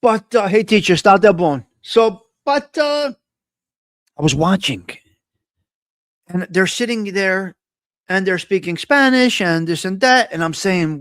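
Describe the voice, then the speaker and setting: A blunt, foul-mouthed New man holds forth on his live coffee-talk show, his voice pitched high for a man. The sound is close and dry, with no room echo. He rants in a loose, conversational way. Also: animated, a little slow, fairly bright tone. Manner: blunt, profane, ranting. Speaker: host.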